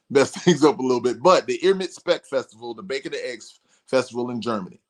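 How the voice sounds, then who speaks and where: A man guest on a podcast, telling road stories in a casual, animated way and acting out quotes in a raised voice. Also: mid-range voice, a little fast. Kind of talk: casual storytelling.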